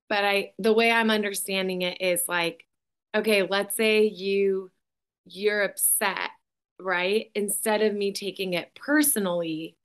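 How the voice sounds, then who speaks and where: A woman in a relaxed conversation, working through an idea aloud. She hesitates and restarts as she reasons. Her voice has an ordinary medium pitch. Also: unhurried, clean tone. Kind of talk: casual chat.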